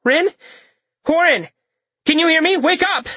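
A man's voice: on the high side, very animated, a little slow, a bit bright, breathy edge, dry recording, voice pushed up, heavily acted. A man voicing a blunt, exasperated young woman student in an audiobook. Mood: alarmed.

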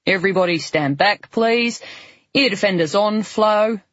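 A man playing a shooting instructor who speaks in a measured, deadpan, instructing manner. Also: high voice, no echo, highs cut off. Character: brisk male shooting instructor.

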